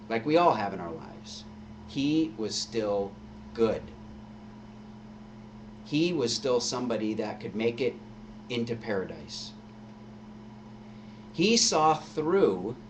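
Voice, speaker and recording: A man's voice: medium pitch, distant mic, background noise. A male pastor giving a conversational sermon full of rhetorical questions at a live-streamed church service.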